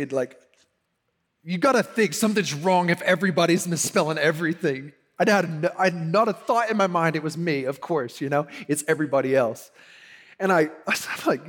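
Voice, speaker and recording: A pastor with a twang tells a story to his church in a loose, chatty sermon. His voice sits a bit high for a man, and he jumps into little acted-out quotes, often laughing mid-sentence. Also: brisk, breathy edge. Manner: animated, laughing, acts out quotes.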